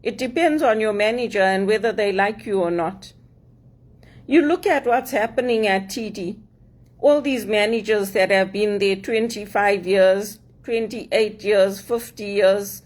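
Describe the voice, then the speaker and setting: A woman's voice: mid-range voice, measured pace. A woman with a mix of English and African accent, giving an earnest, emphatic personal monologue to camera and repeating her points. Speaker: vlogger.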